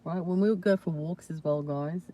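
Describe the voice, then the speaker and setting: A woman hosting a casual live chat with viewers, talking warmly and reassuringly with many "you know"s and "yeah"s. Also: lowish voice, a little slow. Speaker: livestream host.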